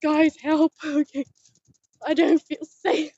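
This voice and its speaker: A young-sounding woman with a high voice, a cosplay vlogger, talks casually while riding a bike outdoors, jittery and blurting out exclamations, yet flat, slow and dark in tone. A phone strapped to the bike captures muffled, lo-fi audio with no room sound.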